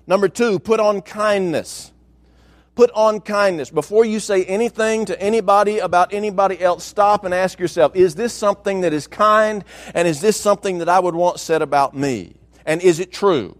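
A pastor preaching a sermon, with emphatic delivery and slowed, stressed phrases. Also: male voice, sits high.

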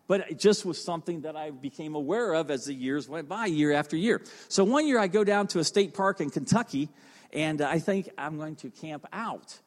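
Preacher, middle-aged man, high voice, fervent storyteller, big reverberant hall. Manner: fervent, storytelling, repeats phrases for emphasis. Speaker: fire chief and chaplain preaching. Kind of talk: sermon. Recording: long reverb of a large hall.

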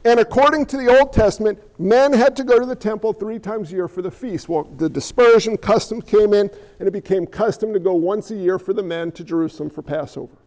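A man preaching a sermon as pastor in an animated, conversational way with jokey asides. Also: high voice, a little fast, few pauses, big-room sound.

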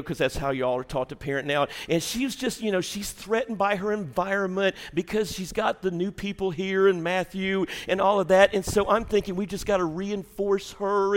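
An older man preaching a sermon, telling a family story and rising to loud, shouted peaks. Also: sits high, in a large hall. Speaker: pastor.

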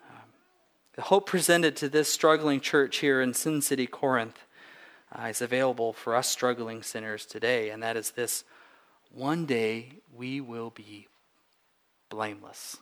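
Male pastor, mid-pitched, earnest sermon delivery, repeats and stresses key words. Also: fairly even intonation, unhurried, fairly bright tone.

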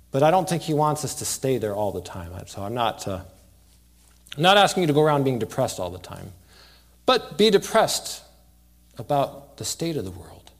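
Male pastor, mid-pitched voice, earnest church sermon with big swings from loud to hushed.

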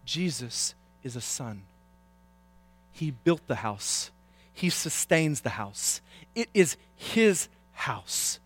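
A male pastor preaching a sermon, swinging from loud, impassioned urging to hushed pleading. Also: medium pitch.

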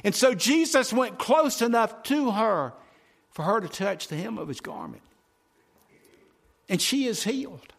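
Folksy preacher man, slightly high voice. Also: very animated, unhurried, vocal fry, pauses often, husky. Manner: dramatic, swinging from loud to hushed; folksy, addresses congregation directly. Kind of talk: sermon.

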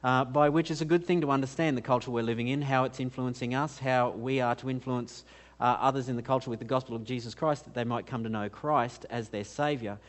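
A man's voice: medium pitch, steady tone, a little fast. Earnest man with a foreign accent preaching. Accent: foreign to America. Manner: earnest, many fillers and restarts, rhetorical questions. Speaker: conference speaker. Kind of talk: live conference teaching talk.

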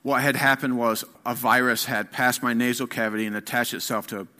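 A middle-aged man giving an earnest personal testimony as a sermon, telling his story haltingly with fillers and restarts. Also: mid-range voice, fairly even intonation, bright, forceful tone. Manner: earnest, candid. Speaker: guest speaker.

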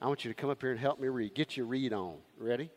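A man preaching a sermon as pastor, calling out to the congregation and swinging from loud to hushed. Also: medium pitch, fast talker, big-room sound.

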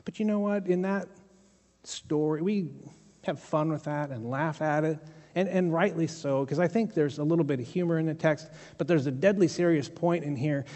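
A man's voice: fairly high pitch, moderate pace, mellow. A male pastor preaching a sermon in a conversational, storytelling way with humorous asides. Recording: long hall reverb.

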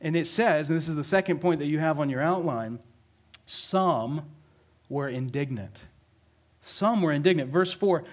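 A man preaches in a relaxed, conversational way, painting a scene and tossing out questions to his listeners. His voice sits somewhat high for a man. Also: normal speed. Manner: conversational, vivid storytelling with rhetorical questions. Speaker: pastor. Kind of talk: sermon.

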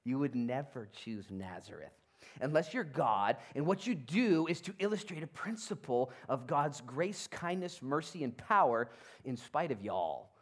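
A male pastor preaching a sermon in a church, conversational and animated, swinging between loud and hushed. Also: mid-range voice, a little slow. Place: church sanctuary.

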